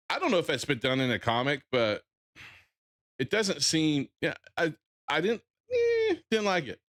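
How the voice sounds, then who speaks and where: A man's voice: medium pitch, fairly bright tone. A man with a Southern drawl ranting bluntly on a casual livestream, swearing freely and often restarting his sentences. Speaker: streamer.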